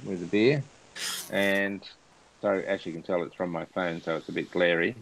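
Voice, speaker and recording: A man's voice: sits low, fairly even intonation, moderate pace, creaky, poor audio. Chatty man hosting a live video chat. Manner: chatty, laughs through anecdotes. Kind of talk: casual chat, storytelling.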